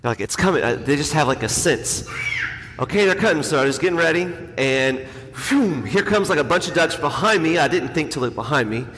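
A man's voice: a little high, expressive, a little fast, few pauses, a bit bright, a little hiss or hum. A man, a priest, telling a self-deprecating story in a casual, conversational homily. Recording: long hall reverb, faint ambience.

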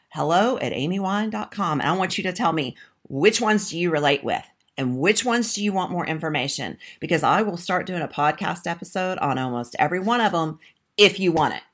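Animated, low-pitched woman coaching couples. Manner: emphatic, direct, addresses listeners as "you". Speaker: marriage coach and podcast host. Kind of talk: solo podcast talk with a sign-up pitch.

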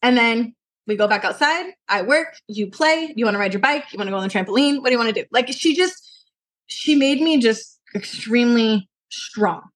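A young adult woman from Colorado, a podcast guest, talking earnestly and telling animated stories with lots of fillers. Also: fairly high pitch, moderate pace. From Colorado, USA. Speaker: podcast guest, martial arts instructor. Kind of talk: casual interview talk.

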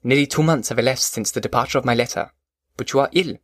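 A man voicing a kindly but stern middle-aged magistrate in an audiobook, formal and measured. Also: medium pitch, dry recording, studio quality, close to an everyday voice. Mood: explaining. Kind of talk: audiobook character voice.

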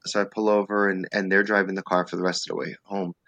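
A man telling a comic story as a podcast guest, acting out his own panic in a lively, animated way. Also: sits low, quick pace, gravelly, no room sound. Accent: New Jersey. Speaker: stand-up comedian, guest.

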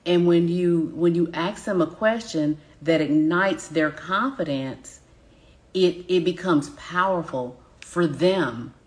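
Southern woman, business coach, low voice, emphatic live-teaching delivery. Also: slow. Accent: Southern American. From Southern United States. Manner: emphatic, addresses audience directly with repeated check-ins.

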